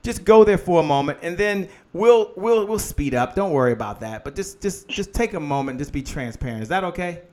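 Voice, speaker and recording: A man with a somewhat high voice hosts a live business show. He preaches in call-and-response, asking the audience to finish his lines and greeting viewers by name. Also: animated, fairly quick, few pauses, darkish tone. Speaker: host.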